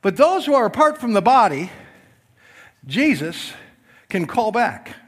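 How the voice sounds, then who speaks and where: High-voiced preacher swinging loud to soft. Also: male voice, very animated, unhurried, breathy edge, big-room sound. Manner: jokes with the congregation. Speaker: pastor. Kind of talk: sermon. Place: church before a congregation.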